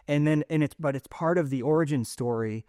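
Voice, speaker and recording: A man's voice: on the high side, a little fast, warm tone, no echo, studio quality. A middle-aged man hosting a podcast, talking in a rambling, searching way with many fillers and restarts. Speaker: podcast host. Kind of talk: casual conversational interview.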